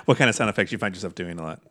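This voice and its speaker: A man hosting a podcast, trading quick teasing banter with his guest. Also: sits low, a bit bright, slight background noise. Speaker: podcast host. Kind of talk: casual chat.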